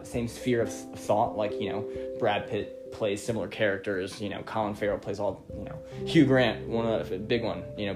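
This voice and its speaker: A man hosting a casual reaction commentary, rambling with lots of fillers and breaking into profane rants. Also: medium pitch. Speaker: commentary host.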